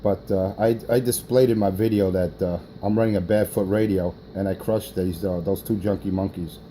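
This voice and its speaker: A man's voice: sits low, fairly even intonation, a little fast, mellow, a little hiss or hum, low-quality recording. A man talking on a CB radio, boastful and rambling, with many fillers. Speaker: CB radio operator. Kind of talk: radio chatter.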